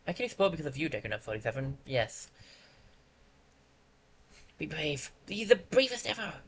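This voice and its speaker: A streamer voicing a shy, eager young penguin explorer while reading game dialogue aloud, with an earnest, soft manner. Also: medium pitch, big pitch swings, moderate pace, a little hiss or hum. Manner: earnest, soft, a bit timid.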